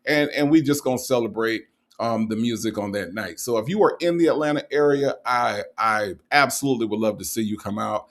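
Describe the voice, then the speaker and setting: A man hosting a livestream, chatting casually as he signs off, checking in with "okay?" and repeating slow affirmations. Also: mid-range voice. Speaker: livestream host.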